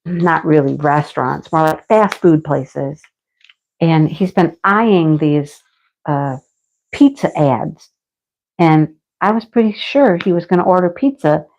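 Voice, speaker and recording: Speaking slowly in a low, darkish, expressive voice, this woman runs a craft livestream from home. The middle-aged host rambles through casual chat and viewer comments, laughing often and slipping into mild snark, and the audio is dull and lo-fi.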